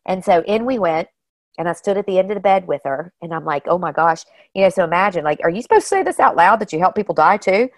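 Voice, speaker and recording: A woman guest telling personal stories in a casual, animated way, often saying "you know" and "like". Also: lowish voice, quick pace, dry recording. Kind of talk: casual storytelling.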